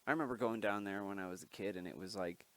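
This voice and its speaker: A man's voice: on the low side, fast, no room sound. A man from Wyoming, a local musician, chatting as a podcast guest in a dry, sarcastic way. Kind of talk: casual podcast chat.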